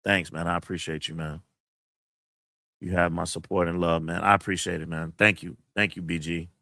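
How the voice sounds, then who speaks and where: A man's voice: sits low, level tone, normal speed, pushed and bright, no echo, studio quality. A man hosting his channel, venting to camera in a blunt, profane, emotional way while near tears and reading out chat messages. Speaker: channel host. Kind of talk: casual livestream venting to camera.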